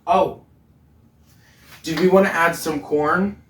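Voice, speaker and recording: A man's voice: a little high, steady tone, slow, a bit bright, slight background noise. A man hosting a casual cooking vlog from his home kitchen, playful and chatty, often laughing as he talks. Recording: roomy sound from a distant mic.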